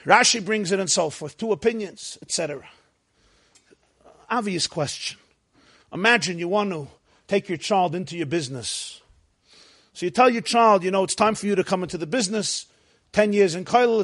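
High-voiced rabbi with dramatic outbursts. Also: male voice, brisk, long pauses. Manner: dramatic, acts out dialogue with sudden loud outbursts. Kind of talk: sermon.

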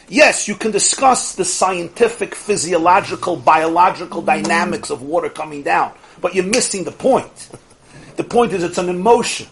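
Man, religious teacher, fairly high voice, lively lecture, rhetorical questions, acts out the people he quotes, chuckling. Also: normal speed, rough recording. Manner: sprinkles in Yiddish and Hebrew words; chuckles between points.

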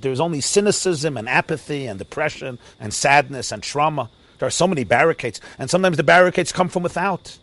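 A man's voice: a little high, lively intonation, brisk. Man preaching a dramatic story-sermon. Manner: dramatic, swings between loud and hushed; mixes in Hebrew and Yiddish phrases. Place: outdoors near a forest.

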